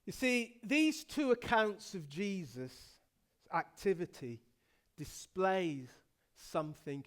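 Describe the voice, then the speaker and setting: A middle-aged male pastor from England preaching a sermon, telling the story dramatically and swinging from hushed to loud. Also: sits high, lively intonation, takes it slowly.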